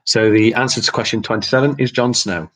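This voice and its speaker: A man's voice: mid-range voice, steady tone, a little fast, fairly bright tone. A man hosting an online quiz night, reading out questions and answers in a casual, chatty way with frequent laughs. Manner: casual, chatty, laughs often, mild swearing. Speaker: quiz host.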